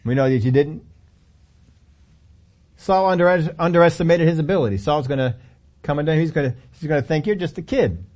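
A man's voice: fairly high pitch, fairly quick, long pauses, darkish tone. A middle-aged male pastor preaching a sermon, telling the story animatedly with acted-out quotes and chuckles.

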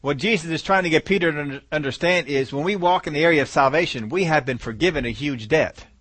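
A man's voice: fairly high pitch, fast talker, a bit bright, no echo. A male preacher giving a sermon, driving points home by repeating key words and numbers.

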